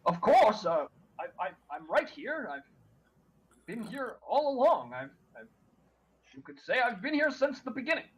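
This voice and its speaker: A man voicing a pompous, formal talking crow who stammers and speaks with exaggerated politeness, in a husky voice. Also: very high-pitched, big pitch swings, moderate pace, pitched above the performer's own voice, poor audio. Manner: stammering, overly polite and long-winded.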